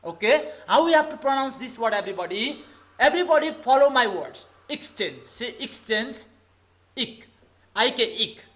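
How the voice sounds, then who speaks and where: A man's voice: extremely high pitch, expressive, fairly quick, fairly bright tone, poor audio. A male English teacher with a Nepali accent, giving an online lesson and calling on the class over and over. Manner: repetitive, keeps calling on the class with okay and everybody.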